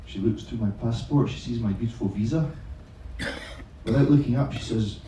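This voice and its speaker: Warm and mid-range, his voice moves at a moderate pace with a little hiss or hum behind it. This teacher trainer tells a funny story live, joking at his own expense and swearing freely. The setting is a large echoing room at an evening event, with him far from the mic and heavy reverb.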